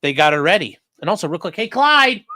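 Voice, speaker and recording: A man's voice: fairly high pitch, rapid-fire, sharp tone, no echo, clean studio sound. A man giving casual, profane live-stream commentary on a trial as a defense attorney, chatting with his viewers. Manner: profane, chatty, talks to chat and his dog.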